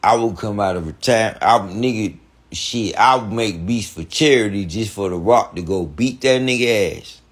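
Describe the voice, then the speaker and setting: A man telling a heated, profane story on a podcast, repeating himself and breaking into animated outbursts. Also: on the low side, normal speed. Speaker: podcast guest.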